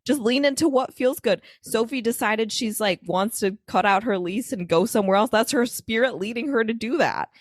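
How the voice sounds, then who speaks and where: A woman's voice: on the high side, normal speed, hardly any pauses, no echo, clean studio sound. A young woman co-hosting a podcast, rambling in casual chat and peppering her talk with "like". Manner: chatty, rambling, many "like" fillers. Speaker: podcast co-host.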